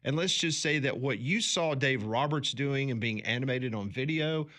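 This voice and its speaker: A man hosting a sports radio show in a studio, telling stories in an animated way with quick restarts. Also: mid-range voice. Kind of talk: casual sports talk.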